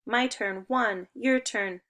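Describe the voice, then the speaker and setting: A young woman teaching an online spelling lesson to second graders, upbeat and encouraging, giving clear step-by-step instructions. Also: fairly high pitch, slow, a bit bright.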